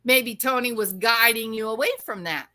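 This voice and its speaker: A woman's voice: a little high, moderate pace, bright, forceful tone. A woman from the Arkansas-Louisiana hill country, scolding and preaching at someone she speaks to directly. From American South, Arkansas-Louisiana area. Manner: scolding, preachy, addresses her subject directly. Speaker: commentary channel host. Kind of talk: opinionated commentary monologue.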